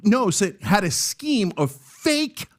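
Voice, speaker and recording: A man's voice: high voice, very animated, slow. A man debating as a podcast guest, emphatic and argumentative, mocking the other side. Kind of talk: heated political debate.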